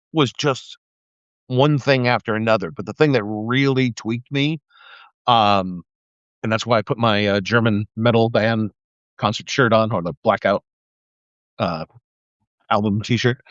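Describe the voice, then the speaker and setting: On a livestream, an older man rants angrily about politics in a lowish voice, keeping a measured pace broken by frequent pauses. He's profane and mocking, and when he gets heated he stammers and restarts. The lo-fi stream audio is dull and dry, with no echo.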